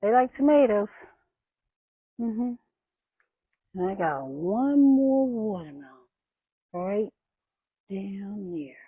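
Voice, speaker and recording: A woman's voice: medium pitch, big pitch swings, slow, pauses often, husky, phone-quality sound. A woman vlogging in her garden, talking casually and rambling with restarts as she waters and plants. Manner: chatty, rambling, with many restarts. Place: outdoors in a garden. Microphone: camera microphone.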